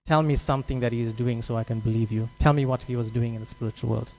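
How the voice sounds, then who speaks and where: A man's voice: mid-range voice, steady tone, quick pace, darkish tone, a little hiss or hum, lightly acted, rough recording. A man doing an indignant Brahmin priest. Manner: indignant, scolding. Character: proud angry old Brahmin priest, male.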